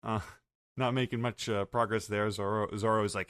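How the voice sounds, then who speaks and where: A man hosting a podcast, recapping an anime episode in a casual, halting way with many fillers. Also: on the low side, fairly even intonation, fairly bright tone, clear, resonant tone, dry recording, clean studio sound. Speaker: podcast host.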